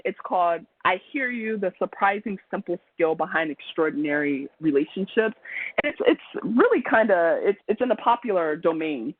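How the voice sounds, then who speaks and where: A man presenting a webinar as a trainer, speaking in a chatty, conversational lecture style with frequent ums and restarts over a video call. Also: on the high side. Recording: tinny phone-like call audio.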